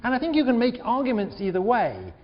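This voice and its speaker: Male lecturer, high lively voice, echoey lo-fi hall recording. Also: quick pace. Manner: animated, repeats words, questions the class. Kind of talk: university lecture. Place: large lecture hall with balcony. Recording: echoey hall, dull lo-fi sound.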